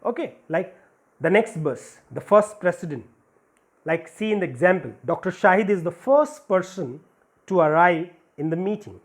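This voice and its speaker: Male teacher, high-pitched; patient school grammar lesson that repeats and lists examples. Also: expressive, normal speed.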